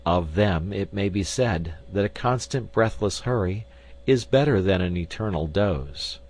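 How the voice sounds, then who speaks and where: A man with a fairly low voice narrates an essay for an audiobook. His reading is measured and formal, taking each clause in turn. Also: expressive, darkish tone, low-quality recording. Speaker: audiobook reader.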